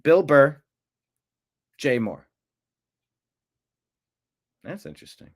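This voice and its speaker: A man's voice: medium pitch, big pitch swings, takes it slowly. A man hosting a casual livestream, talking in a rambling, jokey way and often interrupting himself. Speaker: livestream host.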